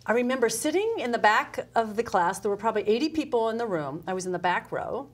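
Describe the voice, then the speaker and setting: Lively middle-aged woman telling stories. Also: fairly high pitch, fast, few pauses. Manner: animated, acts out her own past dialogue. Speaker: guest, customer service speaker. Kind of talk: casual interview storytelling.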